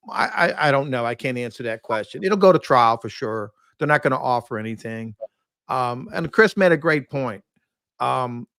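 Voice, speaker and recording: A man's voice: mid-range voice, a bit bright, no echo. Earnest man, dry close sound. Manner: measured, earnest, hesitant restarts. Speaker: defense attorney guest. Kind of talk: guest commentary on a podcast.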